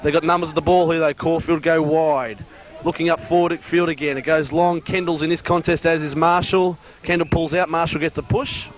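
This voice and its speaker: A man giving brisk play-by-play commentary on an amateur football match. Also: fairly high pitch, level tone.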